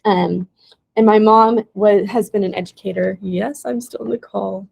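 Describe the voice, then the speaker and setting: A woman's voice: medium pitch, steady tone, moderate pace, creaky, a little mellow, slightly rough, poor audio. A young woman teacher giving a casual presentation to teaching aides, with plenty of "um"s along the way. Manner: casual, with many "um"s and "y'all".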